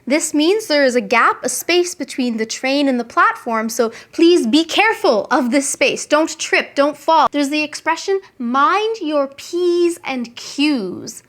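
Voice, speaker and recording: A young adult woman, an English teacher, giving a scripted lesson and saying each example phrase slowly and clearly. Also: sits high, expressive, fairly bright tone.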